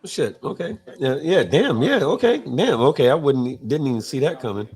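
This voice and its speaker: A man with a slightly raised voice hosts a live biker talk stream. He talks in a loose, profane way and keeps reading viewer messages out loud. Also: fairly high pitch, very animated, moderate pace, husky. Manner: loose, reads viewer comments aloud, profane. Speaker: podcast co-host. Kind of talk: casual live-stream chat.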